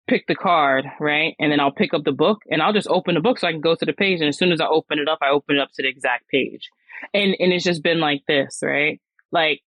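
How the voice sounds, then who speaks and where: A woman's voice: low voice, no echo, low-quality recording. A woman hosting a podcast, telling a personal story in a candid, slangy way with frequent restarts. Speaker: podcast host.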